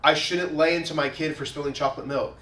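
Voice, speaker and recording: A pastor with a slightly high, steady, fairly bright voice talks fast while preaching a conversational sermon in a church sanctuary. He walks through everyday scenarios and keeps repeating "again," recorded from a distance in an echoey room.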